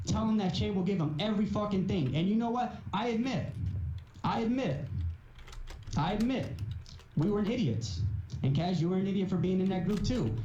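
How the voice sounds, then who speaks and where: On a livestream, a man with a high, warm voice delivers an angry, profane callout rant, confrontational and repeating his points with mounting emphasis. The audio is muffled, with roomy echo and faint hiss.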